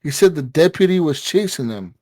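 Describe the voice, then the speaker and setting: A man's voice: a little high, lively intonation, fairly quick, mellow, dry recording. A man casually telling a long story on a gaming podcast, rambling with lots of fillers and swearing. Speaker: podcast co-host.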